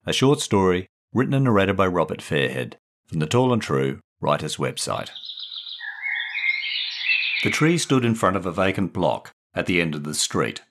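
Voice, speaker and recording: A man reading his own children's short story aloud as author and narrator, in a measured, expressive way. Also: sits low, slight background noise.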